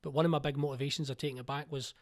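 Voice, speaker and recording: Fast-talking Glaswegian man in his forties. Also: medium pitch, fairly even intonation. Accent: Glaswegian Scottish. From Scotland. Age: 40s. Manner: fast, eager, rambling with restarts. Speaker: playwright and producer, interview guest. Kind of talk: casual interview chat.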